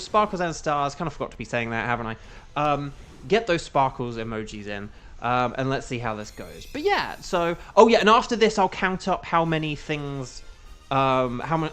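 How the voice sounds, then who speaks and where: A young man chatting casually while streaming a game, rambling with lots of fillers and restarts and bursts of excitement. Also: a little high. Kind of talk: casual gaming commentary.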